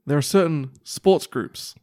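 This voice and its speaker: A man's voice: fairly high pitch, unhurried, mellow, no echo. A young man with a New Zealand accent, co-hosting a podcast in casual chat, reading news stories aloud with crude jokes and rambling fillers. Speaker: podcast co-host.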